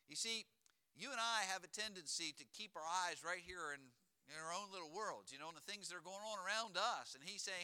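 Man preacher, high and forceful, emphatic storyteller. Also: lively intonation, clear, resonant tone. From Pennsylvania, US. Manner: storytelling, emphatic with slowed key words. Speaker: pastor. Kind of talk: sermon.

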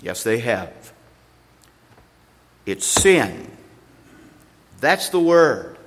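A man preaching an expository sermon, slow and deliberate, pausing between phrases and leaning hard on single words. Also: mid-range voice, big pitch swings, a little hiss or hum. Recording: long hall reverb.

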